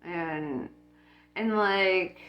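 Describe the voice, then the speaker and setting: A woman's voice: fairly low pitch, drawn-out words, dull audio. A woman talking casually about spirituality, blunt and profane, laughing often. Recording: echoey room with faint music.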